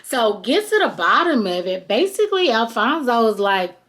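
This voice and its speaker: A woman's voice: on the high side, moderate pace. Chatty woman recapping a reality show. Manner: chatty and animated, acts out quoted people. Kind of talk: casual recap chat.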